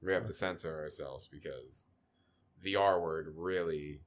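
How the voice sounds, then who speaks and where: Deep-voiced young man rambling on a podcast. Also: slight background noise. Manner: rambling, halting phrasing. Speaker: podcast co-host. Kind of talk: casual chat.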